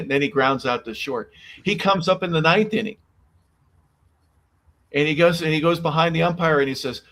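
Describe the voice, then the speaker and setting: A sports radio host with a slightly high voice chats eagerly with his guest. He recounts anecdotes in a loose, casual way. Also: a little fast, a bit bright. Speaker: radio talk show host.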